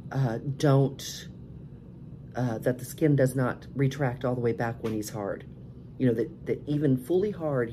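This middle-aged cam show podcast host has an extremely low, warm voice, with slight background noise behind her. Chatting casually on her live stream, she reads out viewers' messages, responds frankly, and laughs a lot.

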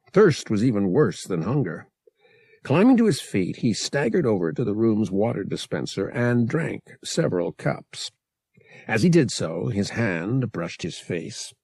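A man reading a novel aloud as an audiobook narrator, measured and expressive. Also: mid-range voice, gravelly, breathy edge, dry recording, clean studio sound.

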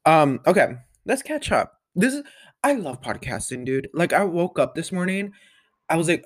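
A man's voice: medium pitch, animated, moderate pace, dry recording, clean studio sound. Bubbly young man, chatty podcast host. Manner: chatty, bubbly and rambling, with playful asides. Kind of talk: casual solo podcast chat. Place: bedroom with the window open.

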